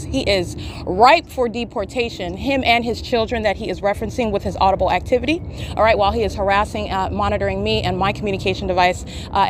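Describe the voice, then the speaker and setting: A woman podcaster giving live, insistent commentary outdoors by a street, with frequent filler sounds. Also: medium pitch. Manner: rapid, insistent talk with many filler sounds. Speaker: podcaster documenting in real time. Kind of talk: live self-recorded commentary. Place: outdoors beside a street, sitting in shade. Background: passing traffic and plane engines.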